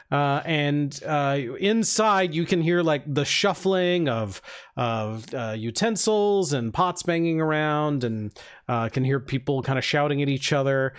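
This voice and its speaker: A man narrating a tabletop game as game master, loose and rambling with many fillers and frequent laughs. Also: a little high.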